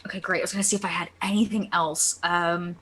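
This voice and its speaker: A woman playing a tabletop game who chats casually and hesitates often, filling her pauses with ums and uhs. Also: on the low side, steady tone, a bit bright, slight background noise. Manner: chatty, hesitant, with many fillers. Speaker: player.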